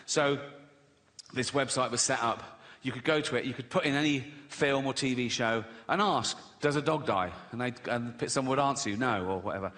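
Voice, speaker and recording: An English-accented comedian in his sixties performs a sardonic stand-up routine, speaking briskly in a mid-range, fairly bright voice and acting out little voices. The recording carries live arena reverb and faint noise.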